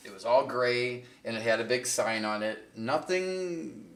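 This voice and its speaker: Man, mid-pitched, rambling profane storyteller, echoey room, mic a bit distant. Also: measured pace, fairly bright tone. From Michigan. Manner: rambling, profane, laughs a lot. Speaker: podcast host. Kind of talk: casual storytelling chat.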